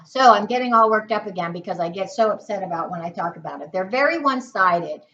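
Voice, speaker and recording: A woman's voice: medium pitch, a bit bright, highs cut off. An American woman giving an indignant, emphatic opinion monologue to camera, stacking repeated rhetorical questions. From United States. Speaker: political vlogger.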